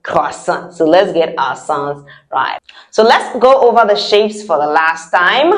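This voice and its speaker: A woman teaching words to beginners, stretching out each word slowly for the listener to repeat and praising brightly. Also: expressive. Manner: slow, drawn-out model words with bright high praise. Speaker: French teacher. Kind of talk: repeat-after-me language lesson.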